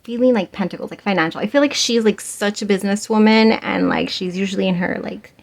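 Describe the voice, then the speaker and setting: A woman's voice: medium pitch, quick pace, creaky. A young woman giving a casual pick-a-card tarot reading, chatty and giggly with many fillers and laughs. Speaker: tarot reader.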